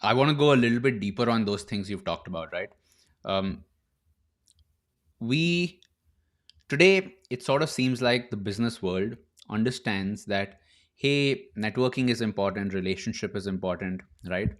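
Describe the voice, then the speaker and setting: A man hosting a casual podcast interview, asking questions in a relaxed way with frequent fillers. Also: lowish voice, normal speed. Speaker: host.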